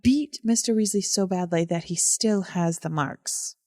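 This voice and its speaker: A woman co-hosting a podcast in casual, animated chat, expressive and quick to react. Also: medium pitch, no room sound, clean studio sound. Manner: animated and expressive, reads passages aloud. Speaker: podcast co-host.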